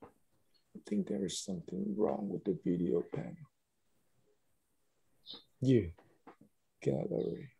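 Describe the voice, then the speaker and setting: A man's voice: on the low side, very animated, slow, creaky, pauses often, mellow, husky. A man leading an online teacher-training session over a video call. He keeps checking in with the group, saying "all right" and "okay" often. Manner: repetitive, encouraging, with frequent "all right" and "okay".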